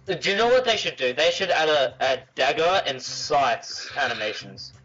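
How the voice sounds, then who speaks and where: A man with a somewhat high voice jokes around and swears freely while playing with friends. The audio is dull and lo-fi, with game music in the background. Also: lively intonation, normal speed, a bit bright. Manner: joking, swears a lot. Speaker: gaming co-player. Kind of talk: casual gameplay chat.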